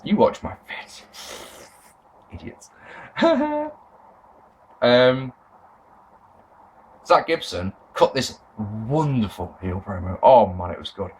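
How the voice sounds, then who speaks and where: Young English man, casual camera vlogger, excitable and rambling, foul-mouthed, pitch all over the place. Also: slow, long pauses, poor audio. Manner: animated, swears freely, rambling with restarts. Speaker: wrestling fan vlogger. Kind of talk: casual spoken review.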